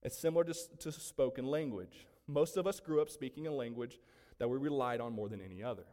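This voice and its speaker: Speaking fairly quickly, a man with a medium-pitched, mellow voice preaches to his congregation. His sermon is forceful and packed with rhetorical questions, and the church sanctuary gives it a long echo.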